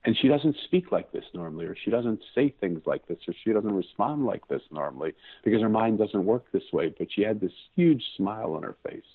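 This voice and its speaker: A lowish, husky male voice comes through a thin, phone-like line. He is a guest in his fifties who tells a personal story with earnest reflection, circling back and restarting his sentences as he looks for the right words. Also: lively intonation, fairly quick, hardly any pauses. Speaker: podcast guest.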